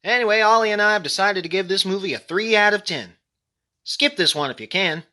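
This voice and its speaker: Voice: mid-range voice, brisk, natural voice. A performer voicing a dry, sarcastic male clay-animation figure who reviews movies. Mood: calm. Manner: deadpan, sarcastic.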